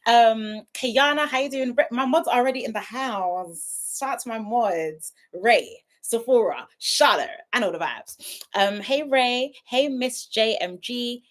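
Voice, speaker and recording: Chatty young woman hosting a livestream. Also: on the high side. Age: 20s. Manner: chatty, playful, shouting out viewers by name. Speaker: YouTube livestream host. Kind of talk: casual livestream chat greeting viewers. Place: at home, her sister's house.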